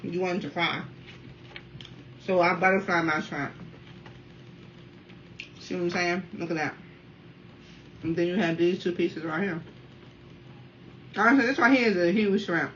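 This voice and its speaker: A woman in her thirties from the Washington, D.C. area, chatting casually while eating on camera at home and keeping up a steady stream of remarks to her viewers. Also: on the low side, unhurried, pauses often. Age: 30s. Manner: talkative, keeps addressing viewers as y'all. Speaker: mukbang vlogger. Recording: dull, slightly distant sound with faint room noise.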